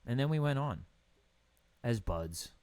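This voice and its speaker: A young man casually commentating over a building game, riffing deadpan puns on place names. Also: medium pitch, measured pace, smooth, no room sound. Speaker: gaming streamer.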